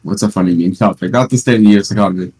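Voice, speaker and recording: A teenage podcast host at home, chatting casually and rambling through stories with playful sarcasm. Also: male voice, on the low side, very fast, darkish tone. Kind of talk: casual chat.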